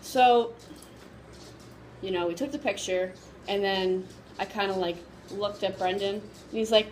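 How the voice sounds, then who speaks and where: A woman vlogger casually telling a story to camera, excited and gushing, rambling with lots of fillers. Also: mid-range voice, a little slow, a little hiss or hum, poor audio.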